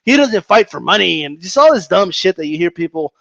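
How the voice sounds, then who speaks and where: A man's voice: fairly quick, vocal fry, no room sound, muffled recording. A man ranting about boxing in casual commentary, argumentative and mocking, often repeating himself. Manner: animated, argumentative, mocks opponents in high voices.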